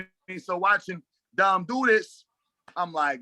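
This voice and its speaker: A man's voice: sits high, normal speed, no echo. A man from Brooklyn with a New York accent, telling stories as a basketball coach in a casual interview, full of slang and acted-out dialogue. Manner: animated, slangy storyteller acting out dialogue.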